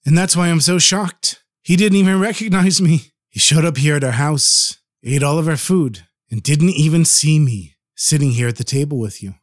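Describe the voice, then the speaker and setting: A man with a fairly high voice tells a traditional folk tale in a gentle, earnest way. He drops in Hebrew and Yiddish words as he goes. The recording is dry and close. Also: normal speed, hardly any pauses, no echo. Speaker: storyteller. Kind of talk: storytelling narration.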